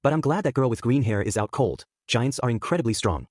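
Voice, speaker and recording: A man's voice: mid-range voice, lively intonation, brisk, darkish tone, dry recording, lightly acted. A man reads as a cruel male villain who gloats over his captives in a mocking voice. His lines come across dry and close, like a fan story read aloud. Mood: gloating.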